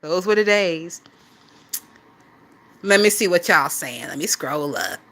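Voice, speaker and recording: A woman's voice: on the low side, lively intonation, takes it slowly, fairly bright tone. A woman in her twenties with a Southern US accent, chatting casually on a phone livestream, swearing and laughing often as she gossips. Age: 20s.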